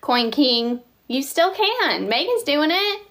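A woman's voice: high voice, sing-song, takes it slowly, a bit bright. A woman hosting a casual phone livestream, reading viewer comments aloud and chatting, laughing often. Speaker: livestream host.

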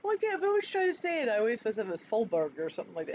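Male game streamer, high voice, chatty and self-mocking, muffled noisy audio. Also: wildly swooping pitch, very fast, hardly any pauses, a little mellow. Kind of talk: casual gameplay commentary.

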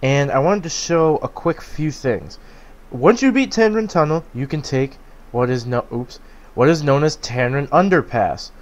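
A man giving relaxed let's play commentary on a game, talking slowly with filler pauses. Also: fairly high pitch, dull audio. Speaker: gameplay commentator.

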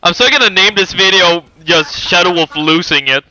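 A man's voice: high voice, moderate pace, sharp tone, muffled recording. A man streaming a game and chatting casually with a friend, laughing often as he talks. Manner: giggly, laughs often while talking. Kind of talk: casual gaming chat with a friend.

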